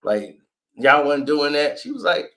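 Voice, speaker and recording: A man's voice: fairly high pitch, measured pace. A man in his thirties telling a story in casual chat, acting out the voices of the people in it and laughing often. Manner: animated, acts out quoted voices, laughs often. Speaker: host.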